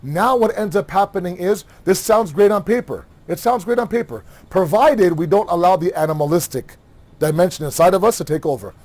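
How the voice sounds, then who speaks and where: Animated male religious lecturer. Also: high voice, brisk. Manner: animated, rhetorical questions, acts out quoted dialogue. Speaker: Muharram lecturer.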